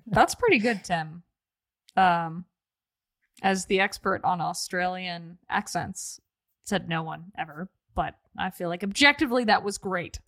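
A woman's voice: lowish voice, unhurried, fairly bright tone, no room sound. Young woman, podcast co-host, chatty, playful, dry close sound. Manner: chatty and laughing, self-deprecating. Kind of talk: casual podcast chat.

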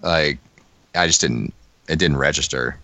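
A man in casual podcast chat, relaxed and quick to agree. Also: extremely low pitch, no room sound.

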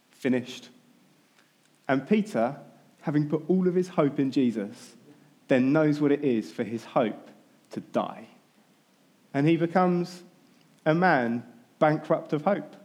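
A man, a pastor, giving a sermon, telling a story in a relaxed, conversational way. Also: mid-range voice.

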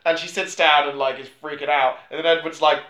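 High-voiced wry male podcaster. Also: fairly even intonation, quick pace, bright, forceful tone, slight background noise. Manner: wry, storytelling, mock voices. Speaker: podcast film reviewer. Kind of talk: casual chat. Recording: roomy echoey room.

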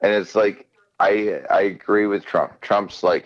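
A man's voice: on the low side, unhurried, highs cut off. A man co-hosting a casual chat, rambling and acting out quoted people as he talks. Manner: rambling, animated, acts out quotes. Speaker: podcast co-host.

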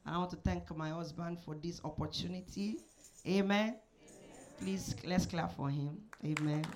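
Soft-spoken woman pastor opening a sermon. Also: on the low side, steady tone, faint music behind. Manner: soft, measured, with frequent amens and hallelujahs. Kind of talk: sermon introduction. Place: church service.

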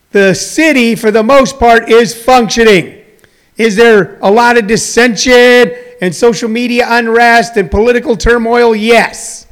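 Middle-aged man, light high voice, rambling live-show host, slightly winded. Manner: rambling, chatty, jokey asides. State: a little out of breath. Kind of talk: live-stream talk show monologue.

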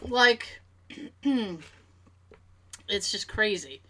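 A woman telling a casual story on a chat podcast, animated, laughing often and acting out what people said. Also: mid-range voice, drawn-out words.

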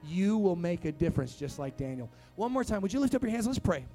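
Young male pastor, fairly high voice, lively storytelling sermon, soft music underneath. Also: fast talker, few pauses. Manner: animated storytelling preacher, rising to emphatic calls. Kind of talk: sermon to youth and church. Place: church sanctuary.

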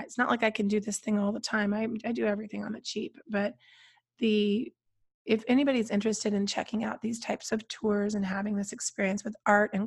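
A woman co-hosting a casual podcast chat, her voice scratchy and hoarse from a cold, talking in trailing restarts. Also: medium pitch. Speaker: podcast co-host.

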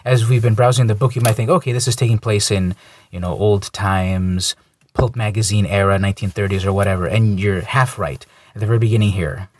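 A man casually reviewing a comic book, talking in a relaxed, conversational way with light opinions. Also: lowish voice, a little fast.

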